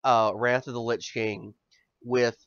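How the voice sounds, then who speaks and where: A man's voice: medium pitch, little pitch movement, slow, fairly bright tone, clear, resonant tone, no room sound. A male podcast host ranting in casual chat, swearing often and stammering over repeated words. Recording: dull dry lo-fi audio.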